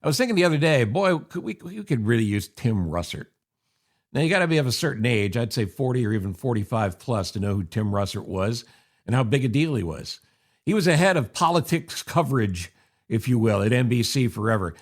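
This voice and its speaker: With a sing-song, mid-range voice and a fairly quick delivery, an older man from upstate New York hosts his podcast as a chatty monologue from his home office. He's wry throughout and drops plenty of sarcastic asides.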